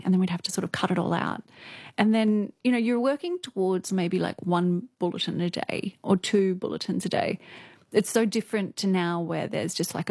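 A woman's voice: fairly low pitch, creaky, a little mellow, no echo, studio quality. An Australian woman in her thirties, a news presenter chatting as a guest in an interview, full of "like" and "um". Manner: chatty, fillers like "like" and "um", laughs often. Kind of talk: casual interview chat.

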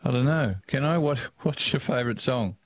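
A man with an Australian accent hosting a casual radio talkback chat, easygoing and quick to laugh. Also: mid-range voice. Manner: chatty, easygoing, laughs often.

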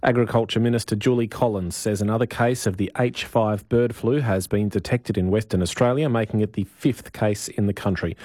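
A man reading a radio news bulletin in a formal, steady way. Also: fairly low pitch, no room sound, clean studio sound. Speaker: newsreader. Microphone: studio microphone.

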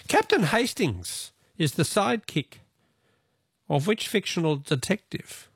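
A man's voice: sits high, big pitch swings, a little slow, slightly rough, no room sound, studio quality. A man with an Australian accent hosting a radio quiz in a breezy, teasing way. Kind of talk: casual radio chat.

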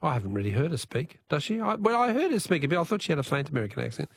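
Genial Australian radio quiz host. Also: male voice, on the high side, big pitch swings, racing, creaky, breathy edge, no room sound. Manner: genial, chatty, reads out texts. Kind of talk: late-night radio phone-in.

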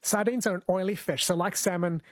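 A man's voice: sits high, steady tone, fairly quick, no echo, clean studio sound. A man hosting a radio show, chatting in a friendly way and laughing easily. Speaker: radio host. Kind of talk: casual radio chat. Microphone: studio mic.

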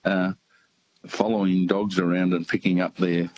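An older man calling in to a radio show, chatting in a halting way with many fillers. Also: low voice, little pitch movement, lo-fi sound, very noisy. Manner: hesitant, halting, lots of uh fillers. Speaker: radio caller. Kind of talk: casual chat.

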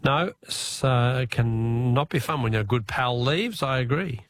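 A man's voice: medium pitch, a little slow, no room sound, studio quality. An Australian man hosting a radio phone-in quiz, chatty and upbeat with the callers.

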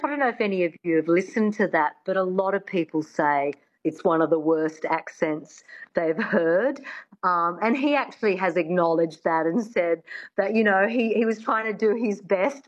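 A woman's voice: on the low side, moderate pace, highs cut off. A woman speaking as an accent coach in a radio interview, explaining her craft earnestly and circling back to rephrase.

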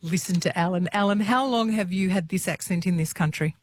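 A woman's voice: lowish voice, fairly quick, slight background noise. A woman presenting a late-night radio talk show, chatting with callers. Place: radio studio.

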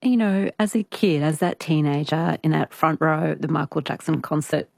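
A woman interviewer with a deep, gravelly voice asks gentle, searching questions. Her tone is empathetic, and the recording is dry and close. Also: fairly even intonation, normal speed, dry recording.

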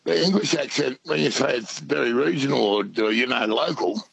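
A man's voice: mid-range voice, a little fast, creaky, a bit bright, husky, no room sound, low-quality recording. A middle-aged Australian man calling into a radio show, chatty and colloquial, calling people mate. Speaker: caller.

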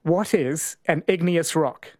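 A talkback radio host, a man with a slightly high voice, keeps things loose and playful as he quizzes callers. He talks into a studio mic that sounds close and dry. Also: slow pace, dry recording. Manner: playful, chatty, laughs easily. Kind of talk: talkback radio chat and quiz.

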